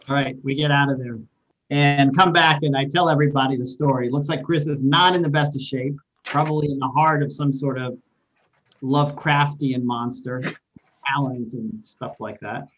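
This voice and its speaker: A man playing a tabletop role-playing game, relaxed and joking in casual chat. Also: mid-range voice, normal speed, highs cut off. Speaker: player.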